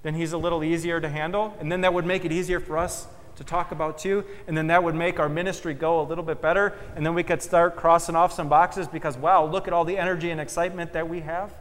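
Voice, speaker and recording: A man preaching a sermon as pastor, emphatic, swelling loud and then dropping soft and slow for weight. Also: on the high side, little pitch movement. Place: church sanctuary. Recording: long church reverb.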